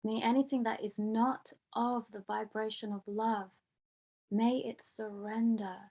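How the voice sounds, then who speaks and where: A woman hosting a group prayer call on a video meeting, speaking in slow, soothing, blessing-like phrases. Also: fairly high pitch, little pitch movement, a little mellow. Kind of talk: guided prayer and meditation.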